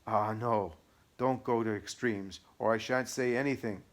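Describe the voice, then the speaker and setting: A man voicing an abusive, taunting male devil in an audiobook, shrill and whining. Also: fairly even intonation, measured pace, lightly acted. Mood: evasive. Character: raging taunting male devil possessing a woman. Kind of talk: audiobook reading.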